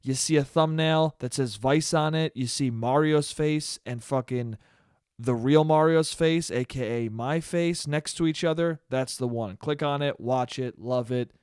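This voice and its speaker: A young man hosting his own podcast, ranting in a profane, animated way. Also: fairly high pitch, measured pace, clean tone, dry recording, studio quality. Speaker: podcast host. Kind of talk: solo comedic podcast rant.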